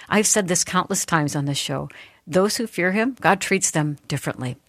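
A woman's voice: on the low side, normal speed, no echo, studio quality. A middle-aged woman hosting a faith talk radio show, speaking in an earnest, heartfelt way that is a little teary. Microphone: studio microphone.

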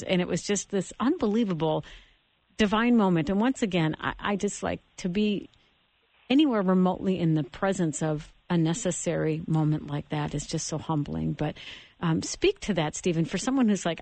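A woman hosting a Christian radio interview, earnest and telling stories with halting restarts. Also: fairly low pitch, vocal fry, a little mellow, no room sound. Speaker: radio show host.

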